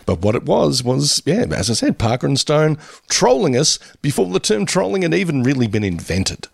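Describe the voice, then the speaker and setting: Gravelly man in casual chat. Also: on the high side, big pitch swings, normal speed, dry recording, clean studio sound. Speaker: podcast co-host.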